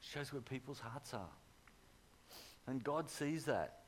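A middle-aged pastor preaching a sermon, telling stories with animated swings from loud urging to hushed tones. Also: male voice, mid-range voice, slow, slight background noise.

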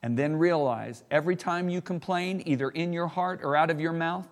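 A middle-aged man preaching a sermon emphatically, slowing down to stress key words and rising sharply in pitch when he gets worked up. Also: big-room sound.

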